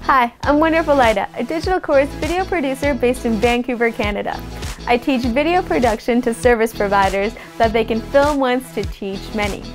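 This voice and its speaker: A woman's voice: on the high side, a little fast, over music. A young woman who teaches video production, explaining a phone app step by step in a casual, upbeat tutorial.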